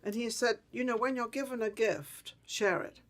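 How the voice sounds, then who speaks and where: A woman's voice: a little high, normal speed. A woman hosting a talk show interview, chatting casually and rambling, often repeating herself.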